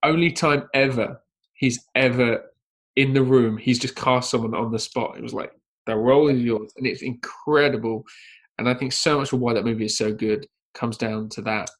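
A man chatting casually on a film discussion podcast, telling a story with lots of energy. He leans into the tale and jumps his voice up high whenever he quotes someone. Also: steady tone, moderate pace, a bit bright. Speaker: podcast panelist.

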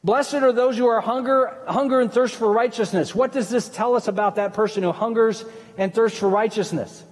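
Man preaching, high voice, conversational, rhetorical questions, long hall reverb. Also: moderate pace. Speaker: pastor. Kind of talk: sermon. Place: church sanctuary.

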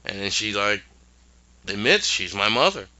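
Very bright-voiced man, lively retelling. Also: lowish voice, measured pace, dull audio. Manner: animated retelling with acted-out quotes. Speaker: podcast co-host recapping a show. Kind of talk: casual chat.

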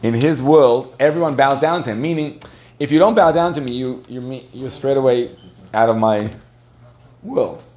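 A man's voice: medium pitch, moderate pace, a little mellow. A man speaking to a live audience, telling a story in a chatty way with frequent restarts and laughter. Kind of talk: storytelling talk on marriage.

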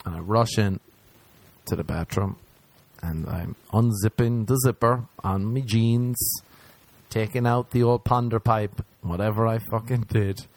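A man's voice: on the low side, fairly even intonation, darkish tone. A man telling a crude, self-mocking stand-up story, acting out both sides of each exchange. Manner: crude, self-mocking, acts out scenes in quick voices. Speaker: stand-up comedian.

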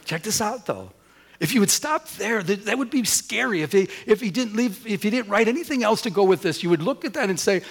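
A male pastor preaching to his congregation with a voice set a little higher than most men's. He is emphatic, keeps asking the room direct questions, and speaks with conviction. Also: big pitch swings, brisk, creaky, husky. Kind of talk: sermon. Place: church.

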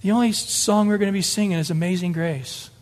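A man's voice: high voice, fairly even intonation, fairly quick, a little mellow, big-room sound. A man preaching a sermon as pastor, earnest and emphatic, often repeating phrases for weight.

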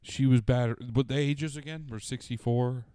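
A man's voice: medium pitch, fairly even intonation, moderate pace, warm tone, smooth, no echo, clean studio sound. A man co-hosting a casual podcast, joking and teasing in crude, profane banter. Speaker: podcast co-host.

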